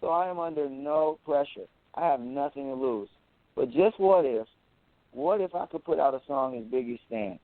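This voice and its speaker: A man talking as an interview guest, boastful and animated, who often repeats words as he goes. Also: medium pitch, normal speed, dry recording. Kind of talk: casual interview talk. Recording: tinny phone-like audio.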